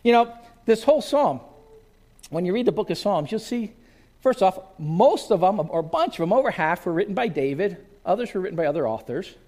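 A man's voice: high-pitched, fairly quick. A male pastor preaching a sermon to a congregation in a church, telling stories and acting out scenes. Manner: storytelling, animated, acts out scenes.

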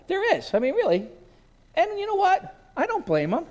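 A man's voice: very high voice, moderate pace. A male pastor preaching a sermon to a congregation in a church, telling stories and acting out scenes. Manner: storytelling, animated, acts out scenes.

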